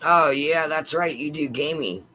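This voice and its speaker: Older man, casual chat, teasing, pitched a little high, bright tone. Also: measured pace. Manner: chatty, joking, teasing.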